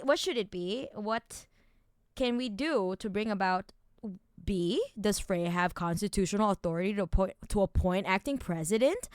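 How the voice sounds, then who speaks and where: A woman streamer reading documents aloud and ranting at them, angry and profane, shifting between low muttered reading and loud outbursts. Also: smooth, dry recording, studio quality.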